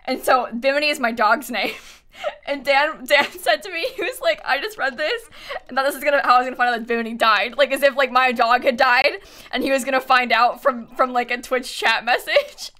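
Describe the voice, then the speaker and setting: A woman's voice: sits high, brisk, pushed and bright. A young woman streaming live, chatting casually, giggling often and reading her chat aloud with plenty of fillers.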